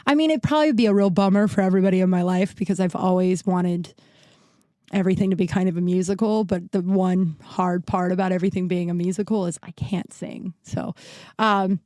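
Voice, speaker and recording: A woman's voice: fairly low pitch, fairly even intonation, brisk, dark tone, no echo, studio quality. A woman in her thirties hosting her own podcast, rambling frankly with many restarts while still recovering from an illness. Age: 30s. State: recovering from illness, short of breath. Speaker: podcast host. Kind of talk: casual solo podcast monologue. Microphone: new podcast mic.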